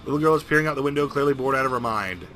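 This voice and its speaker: A man narrating a video game playthrough in a jokey, rambling, animated way. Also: mid-range voice, rapid-fire, soft background music. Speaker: game streamer. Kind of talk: comedic let's-play narration.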